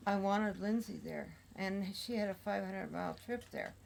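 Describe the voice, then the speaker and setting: An older woman, a grandmother, telling the family's story in a casual conversation, halting with many pauses. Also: medium pitch, creaky, darkish tone, slight background noise, low-quality recording.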